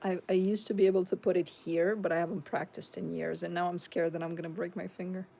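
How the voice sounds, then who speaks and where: Chatty low-voiced woman with gravelly fry. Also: level tone, fast, warm tone. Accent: Chicago. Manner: chatty, reads viewer comments aloud and answers them. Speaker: tarot reader hosting a live stream. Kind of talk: casual live-stream chat reading comments.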